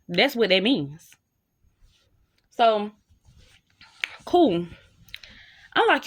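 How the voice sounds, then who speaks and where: A young woman, telling a casual storytime straight to her viewers in an animated, slang-filled way. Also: medium pitch, extremely slow, long pauses, husky. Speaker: storytime vlogger.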